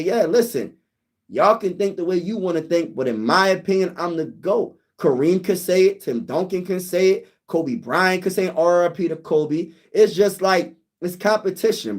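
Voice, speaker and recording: A young man hosting a casual sports livestream, reading comments aloud and chatting excitedly with viewers. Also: a little high. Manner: excitable, talks to viewers as "y'all", sings snippets.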